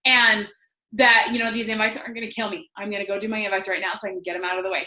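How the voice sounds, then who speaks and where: A woman's voice: mid-range voice, fast, bright, forceful tone. A young woman giving a casual motivational talk on a team call, enthusiastic and chatty, with many "like" fillers. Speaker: guest speaker on a team call. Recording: echoey room.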